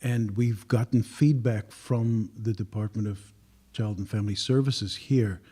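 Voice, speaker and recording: A man talks as a panel guest in an easy conversational way. His voice is husky and dark, with a mellow, unhurried delivery. He pauses now and then to clear his throat. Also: on the low side, fairly even intonation. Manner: measured, clears throat often. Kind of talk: casual panel discussion.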